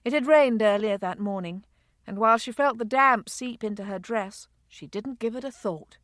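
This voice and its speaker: A woman narrating a romance audiobook in a measured, unhurried way. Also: on the high side, no echo, clean studio sound. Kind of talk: scripted narration.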